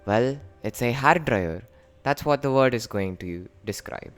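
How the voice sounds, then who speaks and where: Man, casual explainer, jokey and animated, mid-range voice, faint music behind. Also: a little slow. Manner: jokey, animated, with sudden lifts in pitch. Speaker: creator explaining his invented language. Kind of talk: casual playful explainer vlog.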